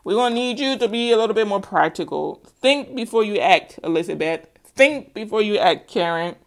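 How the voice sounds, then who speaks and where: A woman's voice: mid-range voice, lively intonation, normal speed. Woman tarot reader, middle-aged, casual sassy delivery with teasing asides and emphatic repetition.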